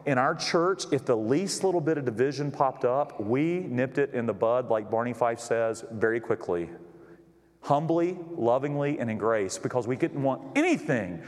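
A man's voice: mid-range voice, animated, moderate pace. A male pastor preaching a sermon, telling a story and acting out the people he quotes. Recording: long reverb in a large hall.

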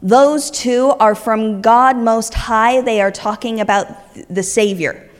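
A woman voicing a possessed, enslaved fortune-telling woman who shouts her proclamations slowly and loudly. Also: on the high side, in a large hall. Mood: shrieking. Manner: loud, drawn-out proclaiming.

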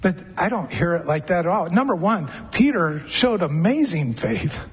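A man preaching a sermon to a church congregation, in a conversational way, softening his voice to act out gentle quoted words. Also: sits high, expressive, moderate pace, slightly rough, big-room sound. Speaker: pastor.

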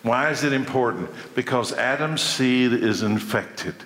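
A man's voice: medium pitch, unhurried, a bit bright, a little hiss or hum. Man, preacher, emphatic sermon, rhetorical questions, roomy hall, long reverb.

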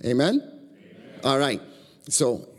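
A man's voice: mid-range voice, big pitch swings, measured pace, long reverb tail. A man preaching a casual, joking sermon in a church and inviting the congregation to answer back. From Chicago. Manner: joking, conversational, asks for call-and-response. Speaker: guest preacher. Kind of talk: informal sermon. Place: church sanctuary.

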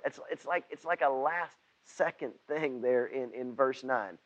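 Guy preaching a sermon, mid voice, slow and halting, kinda dull lo-fi sound. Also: mid-range voice. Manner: halting, repeats words, loud when quoting prayers. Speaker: pastor.

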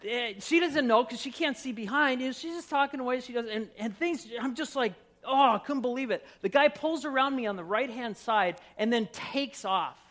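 Middle-aged male pastor from Minnesota, very high pitch, self-mocking, lively storyteller in the pulpit. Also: normal speed, few pauses. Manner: animated, self-mocking storyteller who laughs at himself. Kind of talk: sermon with personal storytelling.

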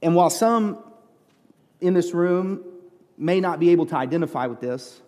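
A middle-aged male pastor preaches in a church sanctuary, his slightly high voice carrying a long reverb tail. He talks earnestly and haltingly, often restarting his sentences as he tells a story. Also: lively intonation, darkish tone. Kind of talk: sermon with a personal story.

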